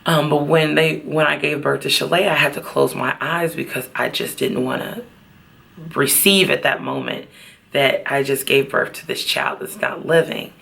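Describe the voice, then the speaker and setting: A woman talking in a personal vlog outdoors at a beach, halting and heartfelt, at times close to tears. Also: low-pitched, fairly even intonation, gravelly, fairly bright tone. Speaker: vlogger.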